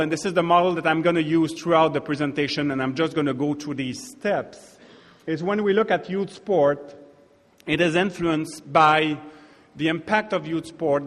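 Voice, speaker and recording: A man with a French-Canadian accent gives an academic talk, his voice a touch higher than most men's. He pauses and restarts his phrases often. The sound rings with the long reverb of a big lecture hall. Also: a bit bright. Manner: hesitant, many restarts and fillers. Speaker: keynote speaker.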